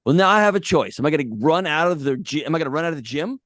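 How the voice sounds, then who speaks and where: A man's voice: a little high, expressive, racing, fairly bright tone, no echo, studio quality. A man talking as a podcast guest, giving blunt, emphatic advice in a casual way. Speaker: podcast guest, mental health author.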